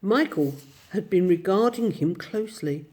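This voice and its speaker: Mellow woman reading a storybook aloud. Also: medium pitch, measured pace. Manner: steady, expressive storytelling. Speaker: audiobook narrator.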